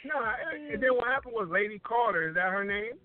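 A man telling a casual story in chat, animated and acting out the voices of the people he quotes. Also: extremely high pitch, fairly quick. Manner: animated, acts out quoted lines. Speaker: guest DJ. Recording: tinny phone-line sound with faint music.

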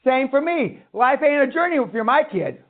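A man lectures a seminar crowd in a blunt, profane rant, hammering his points home. His voice sits very high for a man. The sound is thin and narrow, like a phone line. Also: big pitch swings, moderate pace. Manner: blunt, swearing, ranting. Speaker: seminar speaker.

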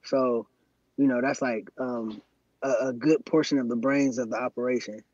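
A man's voice: mid-range voice, fairly even intonation, normal speed, a little mellow, no room sound, highs cut off. A man being interviewed about his activism, speaking earnestly and gratefully in casual podcast talk, from Cleveland. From Cleveland, USA. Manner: earnest, grateful, frequent affirmations. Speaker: guest activist.

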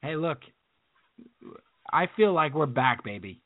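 A man co-hosting a casual sports podcast, animated and jokey, often slipping into impressions. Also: fairly high pitch, slow pace, dry recording. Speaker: podcast co-host. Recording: dry tinny phone-like sound.

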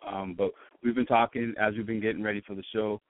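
A man with a Boston accent, a guest chatting casually in an interview, relaxed and rambling with frequent restarts. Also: on the low side, fast, no echo. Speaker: guest, radio show host. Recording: tinny phone-like line.

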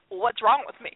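A woman's voice: fairly high pitch, breathy edge, no echo. A woman chatting casually as a podcast co-host, telling a long rambling story with frequent laughs and restarts. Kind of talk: casual chat. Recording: tinny phone-line audio, dry.

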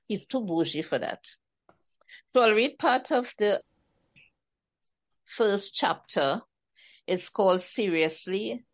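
A woman from Trinidad and Tobago with a Trinidadian accent, an author chatting animatedly about her book in an interview. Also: on the low side. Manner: chatty, animated storyteller, laughs often. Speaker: author guest. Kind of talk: casual interview chat.

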